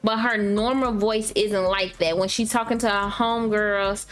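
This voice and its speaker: A woman co-hosting a podcast in casual chat, thoughtful and unhurried, often trailing off with fillers. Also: medium pitch, steady tone. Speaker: podcast co-host.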